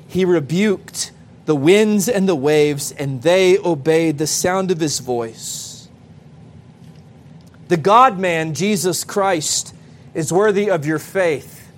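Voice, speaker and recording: A man preaching a sermon to a congregation, speaking to the children as well, with emphatic pauses. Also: a little high, a little hiss or hum. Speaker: pastor.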